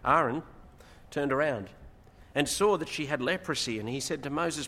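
Male preacher, slightly high voice, expository sermon, echoing hall. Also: moderate pace. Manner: expository, rises in emphasis, animated retelling. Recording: long hall reverb, faint noise.

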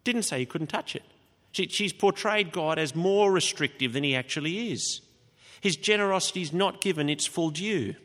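Preacher in a reverberant hall. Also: male voice, lively intonation, normal speed. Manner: expository, shifts loudness and pitch for emphasis. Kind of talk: sermon.

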